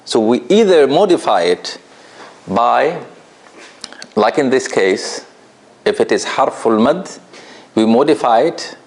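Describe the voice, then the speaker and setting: A man's voice: mid-range voice, expressive, slow pace, pauses often. A man teaching a tajweed class in an office, patient and laughing often as he asks the students questions. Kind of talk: classroom lesson.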